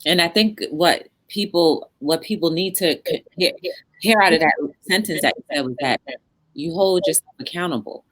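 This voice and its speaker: A woman's voice: fairly low pitch, moderate pace, a bit bright. A woman hosting a talk show, supporting her guest and asking probing questions. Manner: supportive, probing questions with frequent laughter and affirmations. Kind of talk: casual interview.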